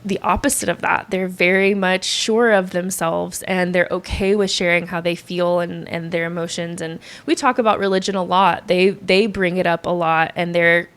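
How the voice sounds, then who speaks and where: A woman's voice: lowish voice, moderate pace, few pauses. A woman in her thirties talks as a podcast guest. She tells her story casually and with energy. She often acts out what others said to her. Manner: animated, quotes others often.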